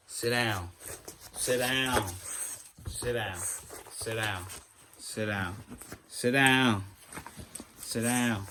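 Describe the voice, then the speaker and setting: A man giving a casual reaction review of a TV episode, talking straight to his viewers in an animated way. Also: on the low side, takes it slowly, long pauses, noisy background.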